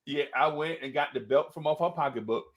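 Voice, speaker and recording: With a slightly high voice and a brisk delivery, this podcast co-host shares a childhood memory in casual talk. Animated throughout, he laughs frequently and imitates the people involved.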